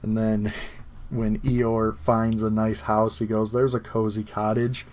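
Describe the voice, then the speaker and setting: A man's voice: fairly low pitch, flat delivery, a little slow, darkish tone. A man co-hosting a podcast, chatting casually and laughing as he eagerly recounts favorite moments. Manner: laughing, enthusiastic recounting of scenes. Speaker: podcast co-host. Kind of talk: casual chat.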